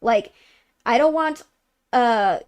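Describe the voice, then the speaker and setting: Woman, high voice, casual livestream co-host, rambling, filler-heavy. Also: animated, takes it slowly, darkish tone. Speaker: co-host of a gaming news show. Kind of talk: casual live-stream chat.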